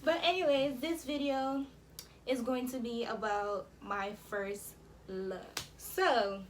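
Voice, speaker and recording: A woman's voice: a little high, fairly even intonation, takes it slowly, a little hiss or hum. An eighteen-year-old woman from Jamaica, telling a story casually to camera with lots of "um" and "like". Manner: chatty, many fillers like "um" and "like". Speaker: vlogger.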